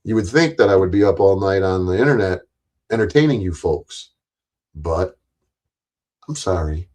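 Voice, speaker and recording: A middle-aged man with a low voice chats loosely to his livestream viewers. He rambles from one thought to the next, cracks crude jokes and breaks into laughter often. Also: expressive, moderate pace, a little mellow. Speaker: livestream host. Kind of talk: casual livestream chat.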